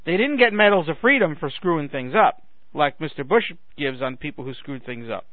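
He speaks at a normal pace in a slightly high, animated voice, with no echo. A talk radio host in his forties, he's mid-monologue on politics, sarcastically ranting to "ladies and gentlemen" even as his voice fails and he clears his throat, all through a dry phone-like radio sound.

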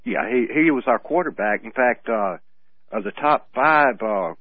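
A man co-hosting a radio show in casual chat, telling rambling stories with halting restarts and frequent laughs. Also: medium pitch, expressive, vocal fry, no room sound. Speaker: radio co-host. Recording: tinny phone-like radio audio.

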